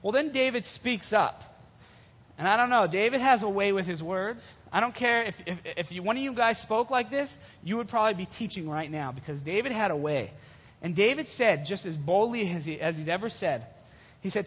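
A man preaching to young people, retelling a Bible story in a casual, animated way. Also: high voice, moderate pace, slightly rough. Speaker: youth preacher. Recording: dull sound with long hall reverb.

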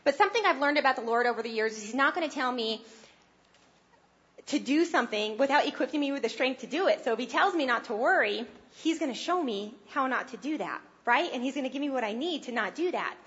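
Earnest high-voiced woman preaching. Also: lively intonation, fast, a bit bright, lo-fi sound. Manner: earnest and conversational, rising with emphasis. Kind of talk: sermon.

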